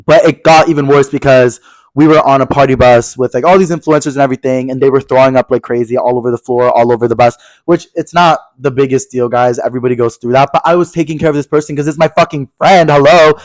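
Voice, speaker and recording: A young man co-hosting a podcast, telling a story in casual chat, animated and swearing a lot as he acts out angry quotes. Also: mid-range voice, fast talker, no room sound, poor audio. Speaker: podcast co-host.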